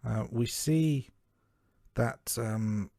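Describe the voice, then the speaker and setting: A man co-hosting a podcast, talking through a film in a measured, hesitant way. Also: mid-range voice, gravelly, warm tone, dry recording, clean studio sound. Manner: measured, hesitant with fillers and repeats. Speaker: podcast co-host. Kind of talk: casual film review chat.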